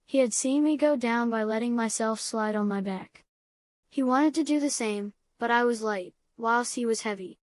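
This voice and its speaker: A woman narrating an old novel for an audiobook, clear and even. Her voice is a little higher than most and the recording is dry and close, with no room sound. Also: normal speed, no room sound. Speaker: audiobook reader. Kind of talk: reading a classic novel aloud.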